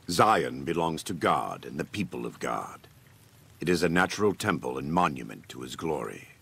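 An actor playing a stern, scripture-quoting warrior preacher in a video game, speaking slowly and solemnly with a gravelly, husky voice. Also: male voice, very deep voice, fairly bright tone, full character voice. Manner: slow, measured, solemn delivery.

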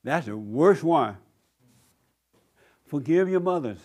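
Blunt preaching man, fairly high voice. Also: animated, measured pace, pauses often, darkish tone. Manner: blunt, preachy, acts out whiny voices of others. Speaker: pastor. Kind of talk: sermon.

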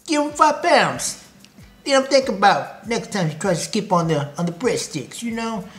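A man voicing a crew of gangster fat cells and their boss, in a mock Italian accent, wheedling and mock-tough with drawn-out "eh?"s. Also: high-pitched, sing-song, a bit bright, soft background music, voice pushed up. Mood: scheming.

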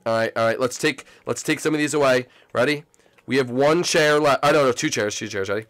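A man's voice: medium pitch, fairly quick, soft background music. A man hosting a gameplay channel, chatting casually to viewers and yelping at game moments. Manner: excitable, yelps and shouts at game moments; chatty, talks to viewers as "folks".

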